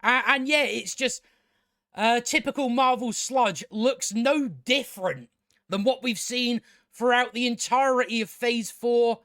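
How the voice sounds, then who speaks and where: A man's voice: very high-pitched, a little slow, fairly bright tone, no room sound, clean studio sound. A man ranting sarcastically about a movie, often stammering and restarting his sentences. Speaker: movie commentator. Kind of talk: casual opinion rant.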